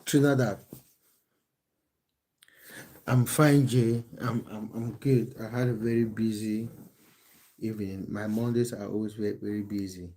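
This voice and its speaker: A man's voice: on the low side, steady tone, a little slow, pauses often, warm tone. A man, a football coach, chatting casually on a live stream from his phone at home, answering viewers with many restarts and fillers. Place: at home in England.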